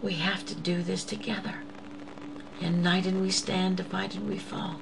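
A woman's voice: lowish voice, little pitch movement, measured pace, creaky, noisy background. A woman giving a personal faith testimony, earnest and intimate, often sinking to a whisper and calling listeners "beloveds.". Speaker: host of an inspirational show.

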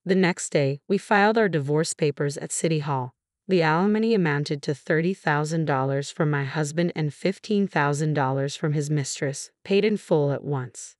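A woman reading a first-person revenge story as scripted narration, in an even, steady way. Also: low-pitched, dry recording, clean studio sound.

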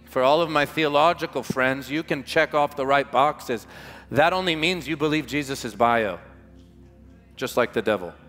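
A man's voice: mid-range voice, a bit bright, faint music behind. Impassioned preacher man in a reverberant hall. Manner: impassioned, emphatic preaching with dramatic slowdowns. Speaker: pastor. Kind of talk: revival sermon. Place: large church hall with music behind. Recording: live church hall reverb.

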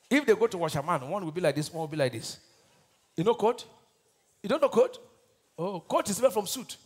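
A Nigerian pastor preaching a sermon, asking the congregation to finish his lines and swinging between shouted bursts and quiet asides. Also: sits high. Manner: call-and-response preaching, asks the crowd to finish his lines.

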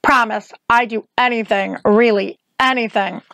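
A woman's voice: on the high side, steady tone, measured pace, a bit bright, no room sound. A woman voicing a shy, clumsy young man who is eager to please in an audiobook reading.

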